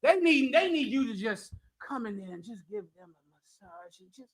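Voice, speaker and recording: A man's voice: extremely high pitch, very animated, moderate pace. A man leading a scripture class, preaching in a brash, joking way with lots of rhetorical questions, often laughing at his own jokes. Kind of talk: provocative preaching to a live chat.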